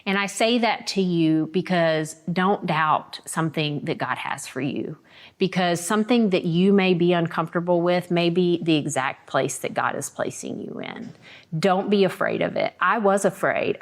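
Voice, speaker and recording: Lively woman podcast host, lowish voice. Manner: animated, acts out quoted dialogue with a raised voice. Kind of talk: casual faith-based storytelling.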